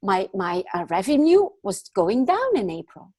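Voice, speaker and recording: A woman's voice: medium pitch, sing-song, measured pace, darkish tone, slightly rough, dry recording. A woman in her thirties, a guest in an interview, telling a personal story in an earnest, reflective way with many fillers.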